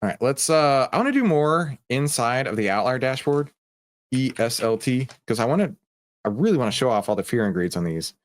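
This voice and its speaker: Speaking fairly quickly in a sing-song, mid-range voice, this male host gives casual live trading commentary. He's chatty and jokey, talking directly to the viewers in his chat.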